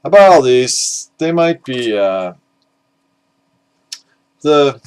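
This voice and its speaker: An exhausted middle-aged man, up all night, talks through his record pile in a loose, rambling way. His voice sits at an ordinary middle pitch, and he trails off into fillers and mutters jokes at his own expense. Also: sing-song, extremely slow, a little mellow, a little hiss or hum. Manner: rambling, self-deprecating, with frequent "uh" fillers. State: exhausted, up at five in the morning. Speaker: record collecting video host. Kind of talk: casual rambling vinyl chat.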